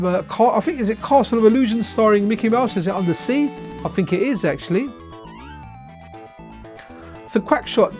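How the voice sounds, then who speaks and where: Sleepy guy with a high voice rambling through retro games on stream, says "man" a lot, faint game music behind. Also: darkish tone. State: tired, yawning. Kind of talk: casual live-stream commentary.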